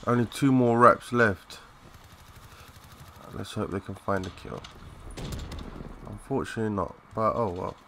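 A young man giving live, excitable commentary over a shooter game, swearing and chatting in slang. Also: fairly low pitch, a little slow, pauses often, background noise. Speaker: gaming commentator.

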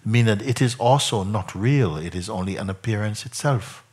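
A man as a spiritual teacher in a satsang, probing a questioner by repeating questions back in slow, reflective phrases. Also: on the low side, a little mellow, slightly rough. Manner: slow, reflective phrasing with frequent "you know" and "no?". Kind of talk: satsang talk answering a questioner.

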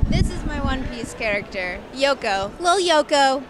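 A young woman from Minnesota, a voice actor guest, chatting casually in a convention interview, halting and giggly. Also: sits high, animated, faint music behind. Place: outdoor convention. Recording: noisy outdoor ambience.

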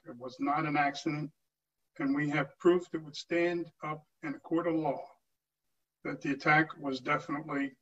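Older man, earnest, halting, fairly high voice, off-mic, muffled sound. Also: fairly bright tone. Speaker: veteran speaker at a town hall. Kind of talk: informal address to a meeting. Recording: distant muffled lo-fi recording.

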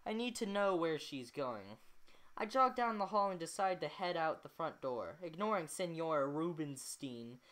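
A woman's voice: deep voice, lively intonation, normal speed, a bit bright. A woman reading a novel aloud at home, chatty, stopping to comment on the text and laugh at her own slips. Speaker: amateur reader.

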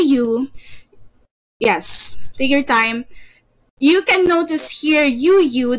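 A woman's voice: high-pitched, rough recording. A woman teaching an online English lesson, patient, repeating words and stammering "you, you" as she leads drills.

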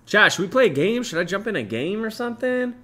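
Animated young man chatting with a stream. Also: high-pitched, quick pace, soft background music. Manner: swearing, animated, shouts out chat names and places. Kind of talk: casual livestream chat reading viewer comments.

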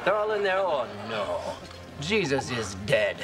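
A man's voice: mid-range voice, very animated, measured pace, over loud music. An actor playing a brash, boastful womanizing friend in a sitcom. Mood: cocky. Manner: cocky, boastful. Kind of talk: sitcom acting.

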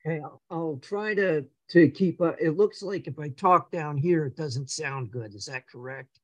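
An older guest on a video call, whose voice sits on the high side, shares his life story casually at normal speed. The recording is dry and low quality, and he animatedly acts out the dialogue with stammered repeats.

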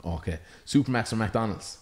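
A man's voice: fairly low pitch, normal speed. An Irish man hosting, firing off teasing questions and laughing a lot in casual chat. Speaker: host. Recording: echoey room, faint noise.

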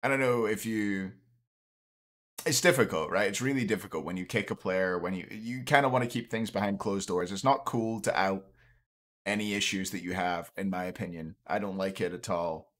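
A man's voice: sits low, moderate pace, a bit bright. A young man chatting casually on a late-night stream, a little tipsy, rambling and restarting his sentences. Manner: rambling, trails off, frequent restarts. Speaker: streamer and caster.

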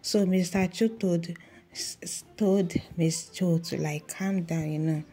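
Slow, gravelly, low-voiced woman recapping. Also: steady tone. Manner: keeps saying "guys," reads out subtitle lines, soft near-whisper at times. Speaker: reaction video host. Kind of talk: casual drama episode recap.

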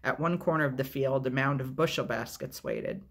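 A man reading a novel aloud as a storyteller, with a husky voice at an ordinary pitch. His delivery is steady and measured, and he takes his time with each line.

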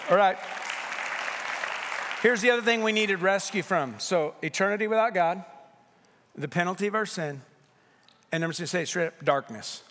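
A middle-aged male pastor delivers a sermon in a church sanctuary, his voice sitting a little high for a man. He preaches conversationally, animated and playful, and his words ring out with a long church reverb. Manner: conversational and animated, with playful asides and acted-out quotes. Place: church sanctuary at a candlelight service.

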